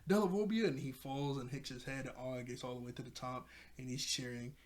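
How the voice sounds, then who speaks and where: A young man casually recapping a cartoon episode, animated, acting out the characters' lines and laughing often. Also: mid-range voice, a little fast. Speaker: episode reviewer.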